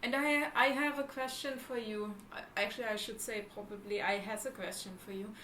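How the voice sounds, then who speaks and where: Woman, German accent, fairly high voice, chatty, echoey room, faint hiss. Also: steady tone, brisk, bright, forceful tone. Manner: chatty, restarts sentences, searches for words. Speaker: livestream co-host. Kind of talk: casual chat.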